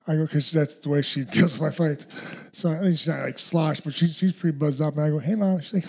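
Young male guest, animated slangy storyteller, rapid delivery. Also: a little high, gravelly. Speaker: guest, fighter. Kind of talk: casual storytelling.

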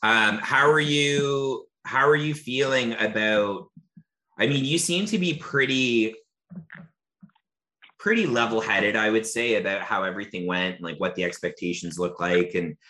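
A man hosting a casual podcast, talking loosely with lots of filler. His voice sits low but sounds bright and forward. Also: measured pace, roomy sound. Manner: chatty, hedging with fillers and jokes. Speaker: podcast host. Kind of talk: casual chat.

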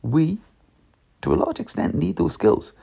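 A man's voice: a little high, wildly swooping pitch, a little slow, creaky, warm tone, slightly rough. A man talking about classroom teaching on a podcast, emphatic and demonstrative, acting out how he speaks to pupils. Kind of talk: solo podcast talk on teaching.

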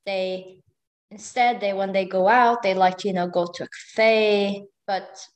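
A woman's voice: medium pitch, fairly even intonation, a little slow. A young woman from Norway, chatting casually as a guest, hesitant, with many fillers and small laughs. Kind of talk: casual conversation.

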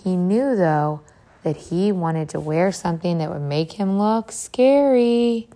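A woman reading a picture book aloud to young children, animated, pausing to ask them questions. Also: on the low side. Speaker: reader to children.

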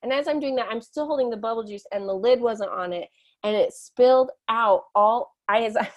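A woman's voice: a little high, brisk, dull audio. A woman in her thirties, a guest telling stories with animation, laughing and acting out quotes. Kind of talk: storytelling in conversation.

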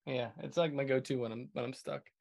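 Gravelly man chatting on a video call. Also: medium pitch, fairly even intonation, a little mellow. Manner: halting, many filler sounds. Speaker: podcast co-host. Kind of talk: casual chat.

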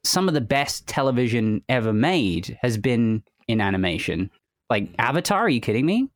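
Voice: mid-range voice, very animated, normal speed, dry recording, clean studio sound. Rambling, emphatic podcast host. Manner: rambling, many restarts, emphatic asides. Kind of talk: casual podcast interview.

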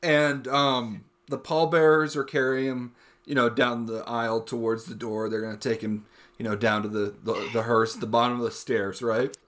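A man's voice: medium pitch, level tone, moderate pace, fairly bright tone. A man chatting casually with friends on a podcast, giggly and laughing through his own jokes. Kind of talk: casual chat among friends.

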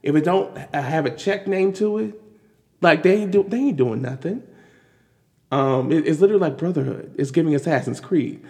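A man giving casual, animated commentary on news, exasperated and full of restarts and fillers. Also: on the high side, moderate pace. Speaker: commentary vlogger. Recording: long hall reverb.

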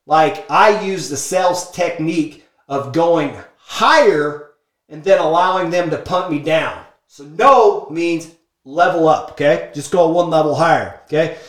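A man's voice: a little high, a little slow. Emphatic storyteller man, echoey room. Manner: animated, emphatic, peppers talk with "like" and "okay?". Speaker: speaker sharing business lessons from a book. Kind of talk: energetic storytelling monologue.

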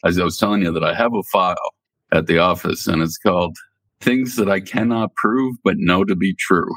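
Low husky man, chatty. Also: brisk, fairly bright tone, no room sound. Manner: chatty, laughs often, loose rambling delivery. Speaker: newspaper editor, regular guest. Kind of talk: casual podcast chat.

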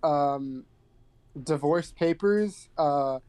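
A man's voice: on the high side, drawn-out words, a little mellow, clear, resonant tone. A man co-hosting a podcast, chatting casually about a film in a hesitant way, full of fillers and restarts. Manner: hesitant, fills with many "like"s and "um"s. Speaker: podcast co-host.

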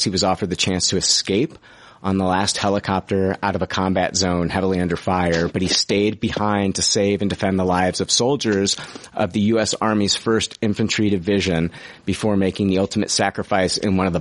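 A man's voice: low-pitched, dry recording. A man hosting a show, chatting casually about a movie, rambling with restarts, swearing freely and laughing at himself. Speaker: podcast host reviewing movies. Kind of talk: casual chat.

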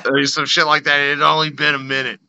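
Bright-voiced, profane podcast guy. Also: fairly high pitch, level tone, fast talker, smooth, no echo, highs cut off. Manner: loose and profane, with filler "like". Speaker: podcast co-host. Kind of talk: casual podcast chat.

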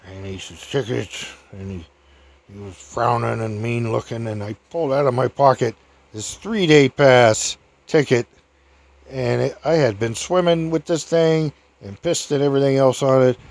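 An older man casually telling a rambling personal story, chuckling often and raising his voice high to act out other people's lines. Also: moderate pace, gravelly, a little mellow, no echo.

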